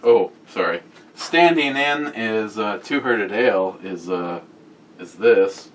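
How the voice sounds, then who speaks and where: A man's voice: lowish voice, expressive, slow pace, far from the mic, slight background noise. A man on a casual beer-review vlog reads out viewer comments with crude, joking humor and a lot of swearing.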